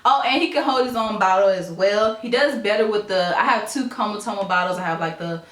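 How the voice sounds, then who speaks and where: A woman's voice: brisk, reverberant. A young woman vlogging casually as a mom, chatting to camera at home with a baby on her knee. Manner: chatty, switches to high sing-song baby talk. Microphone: camera mic.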